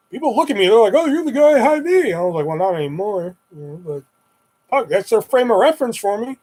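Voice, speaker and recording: Young guy, kinda high voice, swearing a lot, ranting about pizza job customers. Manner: profane, rambling, acts out customers in quick voices. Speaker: pizza shop worker telling stories. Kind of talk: casual profane storytelling.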